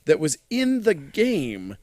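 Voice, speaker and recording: A man's voice: on the high side, huge pitch swings, slow, darkish tone, no echo, studio quality. A man co-hosting a podcast, casually recapping a horror movie, laughing often and trailing off mid-thought. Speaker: podcast co-host.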